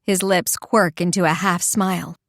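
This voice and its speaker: A woman's voice: lowish voice, normal speed, no echo, studio quality. Woman narrating an intimate audiobook. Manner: expressive, intimate storytelling. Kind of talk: first-person romance audiobook narration.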